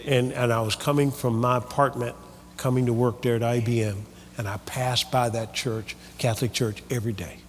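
A man's voice: mid-range voice, moderate pace, long reverb tail. A man preaching a sermon, leading the congregation in call-and-response. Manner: lively, call-and-response preaching with quoted voices.

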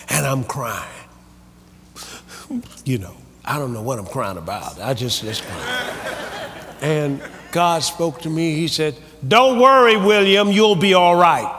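A man's voice: medium pitch, big-room sound, slight background noise. A man preaching a sermon, leading the congregation in call-and-response. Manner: lively, call-and-response preaching with quoted voices.

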